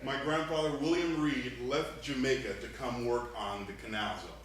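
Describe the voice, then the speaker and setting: A man in his thirties, from Panama, giving an animated humorous speech to a club, laughing between lines. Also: medium pitch, moderate pace. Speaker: club speaker. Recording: echoey room, distant mic, faint noise.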